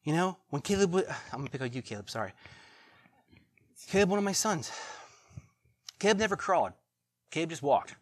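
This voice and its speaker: Animated middle-aged male pastor preaching. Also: on the high side, a little fast, pauses often, husky. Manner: animated, swings from loud to hushed. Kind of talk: sermon.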